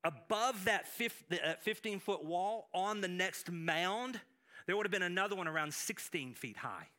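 High bright-voiced preaching man. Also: normal speed. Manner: animated preaching with many restarts and acted quotes. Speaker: pastor. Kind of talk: sermon.

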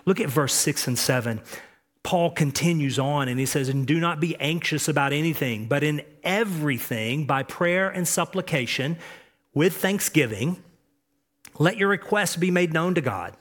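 Pastor guy preaching, kinda high voice, gets loud then drops soft, says things twice. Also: lively intonation, normal speed. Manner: emphatic preaching, swings between soft and loud; repeats key phrases, frequent restarts. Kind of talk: sermon.

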